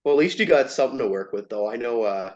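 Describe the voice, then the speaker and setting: A man chats casually in an interview, spinning anecdotes with lively energy. He throws his voice high for the people he quotes. The sound is muffled and lo-fi. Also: quick pace. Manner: animated, acts out quoted lines in raised voice. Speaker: interview guest, former player and coach. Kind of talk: casual storytelling. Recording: dull lo-fi sound.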